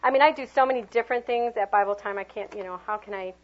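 Middle-aged woman teacher running a workshop, lively demo voice, slightly muffled lo-fi recording. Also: medium pitch, fast. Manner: animated, acts out sounds and voices for children. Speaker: preschool teacher leading a workshop. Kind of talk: teacher training talk with demonstrations.

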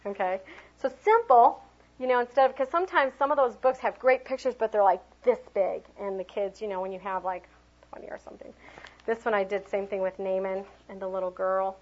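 Middle-aged woman teacher running a workshop, lively demo voice, slightly muffled lo-fi recording. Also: medium pitch, fairly quick. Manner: animated, acts out sounds and voices for children. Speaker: preschool teacher leading a workshop. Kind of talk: teacher training talk with demonstrations.

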